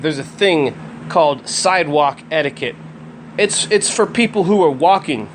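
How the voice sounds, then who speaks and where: A man's voice: a little high, fairly bright tone, a little hiss or hum, low-quality recording. A man in his thirties hosting a podcast, ranting bluntly and swearing constantly, often stumbling and restarting his sentences. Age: 30s. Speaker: podcast host. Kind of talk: profane solo rant.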